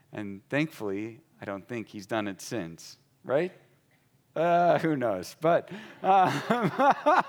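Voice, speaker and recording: A pastor telling a story about his son in a conversational sermon, acting out the dialogue between them. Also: medium pitch.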